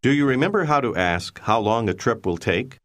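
A man narrating a language course, giving measured, explanatory prompts. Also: medium pitch, lively intonation, a bit bright. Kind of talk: scripted instructional narration.

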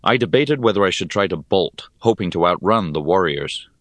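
A man narrating a fantasy story in the first person, in a measured, expressive way. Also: low voice, no echo. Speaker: audiobook narrator.

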